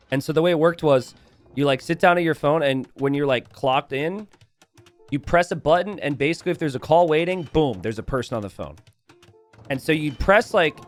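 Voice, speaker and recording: Animated man telling stories mid-commentary. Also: fairly high pitch. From United States. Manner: animated, rambling, casual. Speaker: game caster and host. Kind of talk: game commentary with storytelling.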